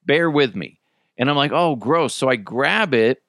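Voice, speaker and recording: A man's voice: medium pitch, normal speed, no echo, clean studio sound. A man in his thirties hosting his own podcast in a casual, joking way, swearing freely as he tells stories. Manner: animated, joking storyteller who swears freely. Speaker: podcast host. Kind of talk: casual solo podcast chat.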